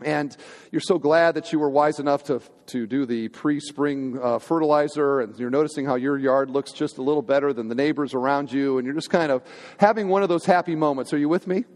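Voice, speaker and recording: Pastor preaching with a hall's long echo. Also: male voice, a little high, a little fast, a little mellow. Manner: conversational, humorous, asks the congregation questions. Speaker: senior pastor. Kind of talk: sermon. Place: church sanctuary. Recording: long hall reverb in a church.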